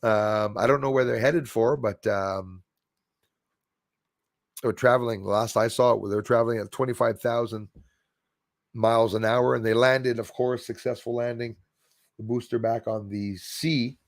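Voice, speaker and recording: A man's voice: mid-range voice, fairly even intonation, normal speed, pauses often, no room sound, clean studio sound. A man hosting a casual livestream chat, rambling and reading out viewer comments. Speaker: livestream host.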